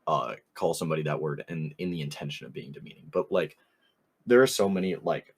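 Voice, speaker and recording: Young man, very low pitch, husky voice, casual podcast storytelling, rambling, laughing. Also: a little fast. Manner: rambling anecdote, quoting others with "I was like", frequent laughs. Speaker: podcast co-host.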